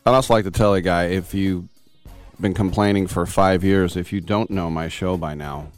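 A man's voice: low-pitched, steady tone, normal speed, soft background music. A man hosting a live sports talk radio show, rambling and joking at his own expense with an American accent. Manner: joking, self-mocking, rambling.

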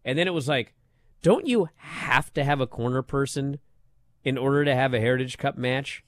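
A man co-hosting a wrestling podcast, talking in casual chat and getting worked up into loud disbelief. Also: mid-range voice, moderate pace, dry recording, clean studio sound. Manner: animated, rising to loud disbelief. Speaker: wrestling show co-host.

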